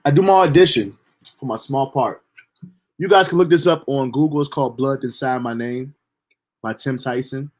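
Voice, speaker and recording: A young man telling a story from his own life in a casual, animated, profane way. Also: medium pitch, moderate pace. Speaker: storyteller streamer.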